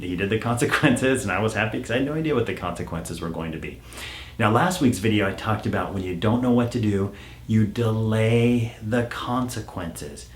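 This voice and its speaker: A middle-aged man, a parenting coach, telling a family story in a calm storytelling manner and dropping to a hush when he quotes himself. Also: on the low side, reverberant. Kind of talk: storytelling advice talk.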